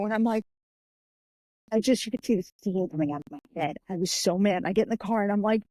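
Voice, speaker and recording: Animated woman telling a story, mellow voice. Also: medium pitch, brisk, no echo, rough recording. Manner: animated, acts out the voices in her anecdotes. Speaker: guest, author and martial artist. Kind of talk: storytelling in a podcast interview.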